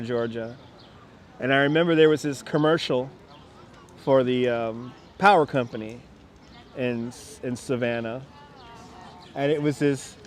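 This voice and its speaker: Male livestream host, casual and rambling, slightly higher voice, outdoors on a clip mic with faint city noise. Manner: chatty and rambling, with frequent laughs and restarts. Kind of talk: casual livestream chat, reading viewer comments aloud. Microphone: wireless clip-on mic. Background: faint city park ambience with birds.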